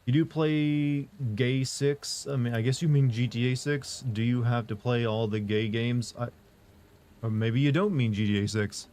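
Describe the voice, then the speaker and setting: Monotone man chatting on a livestream. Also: mid-range voice, moderate pace, a little hiss or hum. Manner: monotone, flat delivery; rambling with many fillers and restarts. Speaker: streamer answering live chat. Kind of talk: casual livestream chat.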